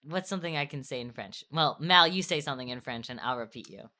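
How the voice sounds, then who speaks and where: A woman's voice: rumbling low, animated, fast talker, sharp tone. A young woman streamer chatting casually while drawing, rambling and correcting herself as she goes, often laughing.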